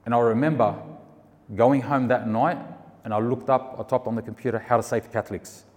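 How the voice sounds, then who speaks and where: Man, casual testimony speaker, animated storyteller, middle pitch, heard with long room reverb. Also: a little fast. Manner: animated storytelling, acts out the people he quotes. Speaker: storyteller sharing a faith testimony.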